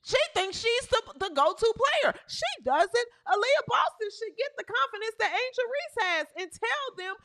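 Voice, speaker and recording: A woman's voice: very high-pitched, sing-song, moderate pace, hardly any pauses, a bit bright. A woman hosting a sports talk show, ranting emphatically and repeating phrases for emphasis. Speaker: host. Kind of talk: sports commentary rant.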